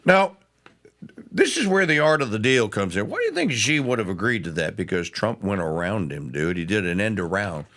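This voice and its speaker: A man's voice: fairly low pitch, big pitch swings, a little fast, hardly any pauses, fairly bright tone. A man hosting a political talk show, giving opinionated commentary with sarcastic asides. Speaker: radio show host.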